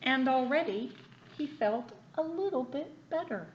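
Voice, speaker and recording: A woman's voice: sits high, unhurried, highs cut off, noisy background. A woman reading a picture book aloud to a child, pointing out what is in the pictures as she goes. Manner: lively, explains the pictures as she reads.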